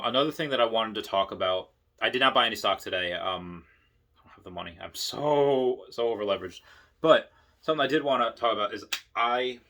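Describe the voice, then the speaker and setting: A man giving a casual, rambling monologue, excitable, with many restarts. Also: fairly low pitch. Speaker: investing vlogger.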